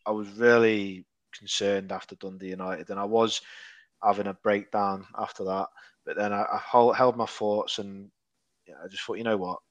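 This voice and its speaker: Scottish man, low voice, dry close sound, animated casual podcast chat. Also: normal speed, no echo, muffled recording. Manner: animated storyteller, acts out quoted dialogue. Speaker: podcast co-host.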